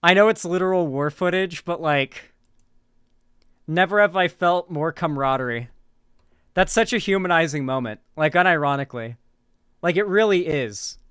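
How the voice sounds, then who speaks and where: A man's voice: on the high side, normal speed, a bit bright, clean tone, no room sound, clean studio sound. A man from Florida doing casual livestream commentary, rambling with lots of "like" and restarts as he talks to his chat.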